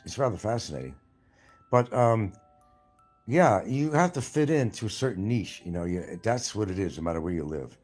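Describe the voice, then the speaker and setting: A man's voice: on the low side, animated, normal speed, a little mellow, faint music behind. An older man from New York with a mild New York accent, rambling bluntly and swearing freely in a casual monologue. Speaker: vlogger.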